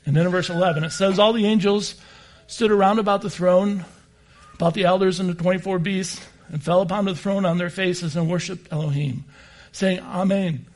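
A man's voice: sits high, darkish tone. A man preaching a sermon and reading scripture passages aloud.

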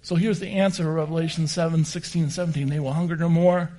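A man's voice: fairly high pitch, fairly even intonation, quick pace, warm tone. A man preaching a sermon and reading scripture passages aloud.

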